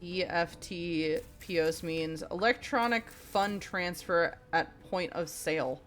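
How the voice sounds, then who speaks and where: A fairly low-pitched woman streamer talks casually while she plays, cursing freely and blurting out reactions to the game. Faint game music runs underneath her voice. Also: slow pace, a bit bright. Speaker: livestreamer. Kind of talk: casual game livestream, reading chat.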